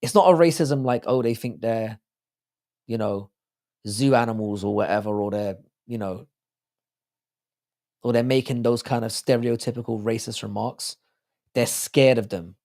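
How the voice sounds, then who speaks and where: Gravelly-voiced man chatting on a livestream. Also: mid-range voice, normal speed, long pauses, a little mellow. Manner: profane, rambling, reads out viewer comments. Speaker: livestream host. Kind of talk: casual late-night livestream chat.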